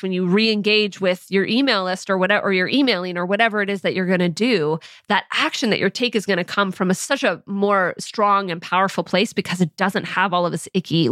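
A woman in her thirties hosts a podcast in a mid-range voice, recorded cleanly in a studio with no echo. She speaks conversationally, dropping fillers like "you know" and laughing softly and often.

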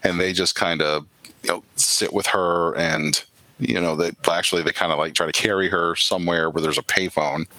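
A man narrating as game master of a tabletop role-playing game, talking in a loose, halting way full of fillers. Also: low-pitched, fairly even intonation, pushed and bright, dry recording, rough recording. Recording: music playing behind.

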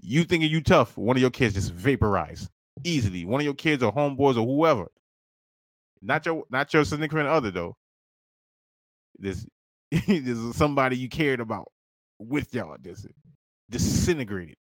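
A man co-hosting a podcast, telling a wild comic story in a loose, profane way, laughing often and jumping into squeaky high voices. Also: expressive, normal speed, pauses often, no echo. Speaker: podcast co-host. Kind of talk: casual comedic storytelling.

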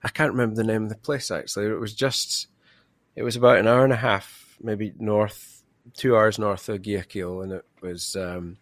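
A man's voice: fairly low pitch, steady tone, moderate pace, no room sound, clean studio sound. A man hosting an interview, chatting casually and telling rambling travel stories. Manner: rambling, anecdotal storyteller. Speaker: podcast host.

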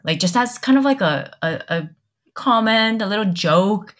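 A young woman, a podcast guest, telling her story candidly in casual chat, halting and restarting, with many quoted exchanges. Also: medium pitch, lively intonation.

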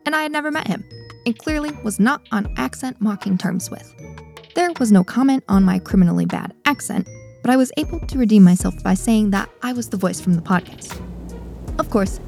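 A woman hosting a company podcast, telling a self-mocking story in a chatty, lively way. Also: a little high, vocal fry. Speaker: podcast host. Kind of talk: scripted podcast intro and interview.

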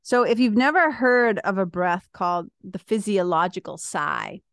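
A woman, a yoga and spiritual teacher talking casually, chatty and animated with frequent asides. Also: mid-range voice, moderate pace, no room sound, clean studio sound. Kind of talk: casual talk.

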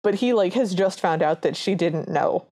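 A woman's voice: on the low side, moderate pace. A woman co-hosting a podcast, casually recapping a film and acting out its lines as she retells the scenes. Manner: animated retelling, quotes characters in a lightly changed voice. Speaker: podcast co-host.

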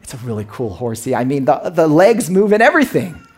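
A man's voice: sing-song, a little fast, darkish tone. A man putting on a pleading little girl. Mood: pleading, eager. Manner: high pleading child voice.

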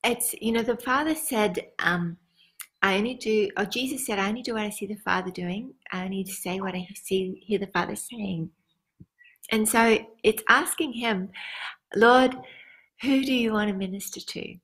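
A woman's voice: mid-range voice, normal speed, a bit bright, slightly rough, low-quality recording. A middle-aged woman pastor giving an earnest personal testimony with prayerful asides in a conference question-and-answer session. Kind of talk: conference Q and A teaching.

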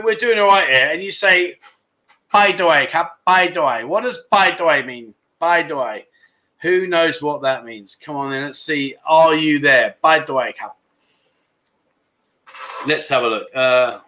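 Guy doing a jokey live chat show, high voice, teasing the chat. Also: pushed and bright. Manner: joking, teasing, reading out viewer comments. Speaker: livestream host. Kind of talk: casual livestream chat.

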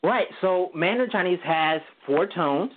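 A man's voice: sits high, animated, unhurried. A male guest teacher explaining Mandarin tones in a casual interview, singing vowel sounds to show each tone and laughing easily. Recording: tinny phone line.

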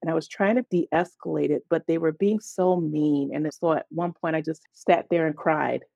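Gravelly-voiced woman telling a story. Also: low voice, moderate pace, no room sound. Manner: animated storyteller who acts out quoted dialogue; fills gaps with "da, da, da". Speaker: podcast guest, coach. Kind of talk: personal storytelling in conversation.

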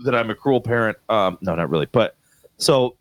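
A man in his thirties, a father and co-host, telling a family story in casual chat with lively delivery. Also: moderate pace, no echo. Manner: animated, acts out his daughter's voice in high squeals.

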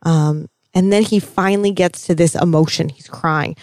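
A woman co-hosting a casual TV recap chat, talking in an animated, gushing way with some swearing. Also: lowish voice, moderate pace, dry recording, clean studio sound. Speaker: podcast co-host.

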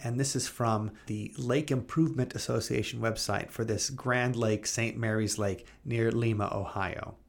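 A man co-hosting a podcast, reading old newspaper clippings aloud in a brisk, animated way and chatting loosely in between. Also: mid-range voice, creaky, dry recording. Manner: reads quotes in a brisk, animated way, then chats loosely. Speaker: podcast co-host.

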